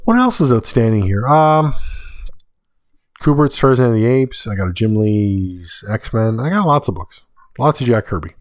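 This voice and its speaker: Male podcast host, casual list-reading delivery with quick asides, close and dry sound. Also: medium pitch, lively intonation, no echo. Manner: casual, reads through price lists with offhand asides. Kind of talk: solo podcast monologue.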